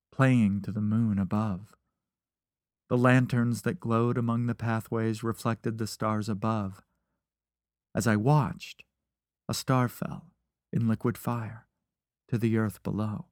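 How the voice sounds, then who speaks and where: A man reads a first-person story at an unhurried pace. His narration is dry and wry. The recording is close and dead, with no room sound. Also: lowish voice, a little mellow, no room sound.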